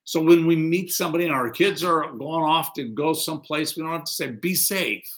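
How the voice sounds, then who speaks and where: A man's voice: fairly high pitch, a little fast, a bit bright. A middle-aged man preaching a conversational sermon as a pastor, acting out quoted lines.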